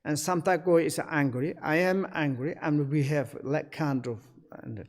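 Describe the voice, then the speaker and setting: Halting, higher-voiced male dharma teacher. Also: steady tone. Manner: halting English, many fillers, acts out quoted dialogue. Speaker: Buddhist teacher.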